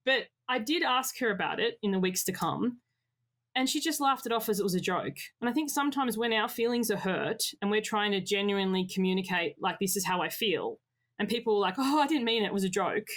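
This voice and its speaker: A woman in her thirties or forties telling frank personal stories as a podcast guest, expressive and lively. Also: mid-range voice, fairly quick. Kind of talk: candid personal storytelling.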